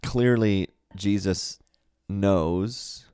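A man co-hosting a podcast, talking through a Bible passage in a relaxed way and thinking aloud with frequent fillers. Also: low voice, very slow, smooth, dry recording, studio quality. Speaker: podcast co-host. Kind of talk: casual Bible discussion.

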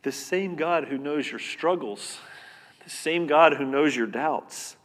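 A man preaching a sermon as pastor, earnest and conversational, repeating words and swinging between loud and soft. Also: on the high side, slow pace. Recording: long reverb of a hall.

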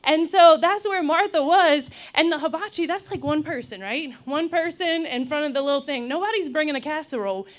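A young woman preaching a sermon in a lively, laughing, storytelling way. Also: high voice, brisk, few pauses. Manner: animated, laughs often, acts out quotes.

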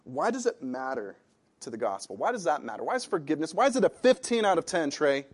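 A man preaching a sermon in an animated, conversational way, asking the congregation questions as he reads and explains a parable. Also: on the high side, quick pace. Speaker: pastor.

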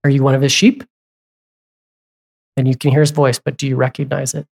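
A pastor delivering a sermon in plain, everyday speech. The voice sits at a middling pitch, and the preacher keeps turning to the congregation with direct questions, sometimes stopping to correct a slip or add an aside. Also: little pitch movement, brisk, vocal fry, a little mellow, husky. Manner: asks the congregation repeated questions; conversational, with asides and self-corrections.

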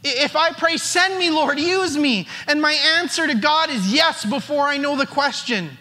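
A man's voice: very high-pitched, sharp tone. A male pastor giving a conversational sermon, often repeating words as he starts a phrase. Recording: long hall reverb.

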